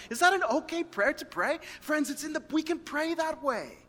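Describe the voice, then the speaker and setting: A man preaching a sermon to his church in a conversational, animated way, reading scripture aloud and telling stories on himself. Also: extremely high pitch, normal speed, few pauses. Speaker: pastor. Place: church hall. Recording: reverberant church hall.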